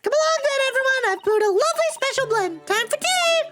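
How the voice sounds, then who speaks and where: A woman's voice: very high-pitched, lively intonation, a little fast, loud music behind the voice, pitched above the performer's own voice. A woman voicing a cheerful, eccentric male detective with a theatrical, breezy manner.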